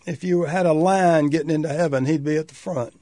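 An older man from North Carolina, thoughtfully recalling his past in a measured, pausing way. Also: a little high, fairly even intonation, dark tone, no room sound, clean studio sound. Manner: measured, thoughtful, with pauses and restarts. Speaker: oral history interviewee. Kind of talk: reflective personal reminiscence.

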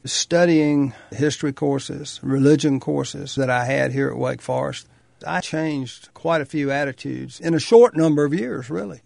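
An older man from North Carolina, thoughtfully recalling his past in a measured, pausing way. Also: mid-range voice, gravelly, a little mellow, dry recording. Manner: measured, thoughtful, with pauses and restarts. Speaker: oral history interviewee. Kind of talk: reflective personal reminiscence.

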